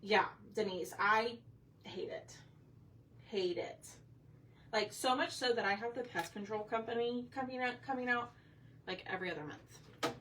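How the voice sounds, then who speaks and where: Bright chatty woman crafting on stream. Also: on the high side, normal speed, recorded from a distance. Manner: chatty, talks to viewers while working. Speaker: craft livestream host. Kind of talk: casual chat while painting. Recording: voice a bit off-mic with faint room noise.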